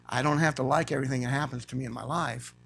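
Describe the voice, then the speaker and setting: Gravelly man preaching a sermon. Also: mid-range voice, fairly even intonation, fast talker. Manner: rising to loud emphatic preaching, reads scripture aloud. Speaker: guest preacher. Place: church.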